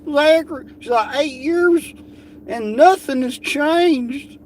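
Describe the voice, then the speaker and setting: A man putting on a shrill, mocking falsetto of a whiny, preachy woman with a heavy South Texas drawl. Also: takes it slowly, slight background noise. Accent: put-on South Texas.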